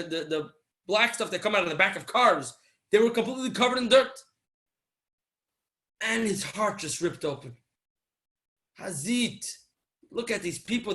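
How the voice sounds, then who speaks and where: A man giving a Torah talk as a sermon, telling a story and acting out its dialogue, swinging between loud and soft. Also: sits high.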